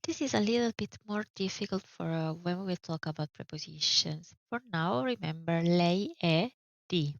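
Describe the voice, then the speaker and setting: Woman teacher, lowish voice, unhurried explanations, lo-fi dry recording. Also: creaky, no echo. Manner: slow, careful explanations with spelled-out examples. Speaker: Italian teacher. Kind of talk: online grammar lesson. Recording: dull, dry lo-fi audio.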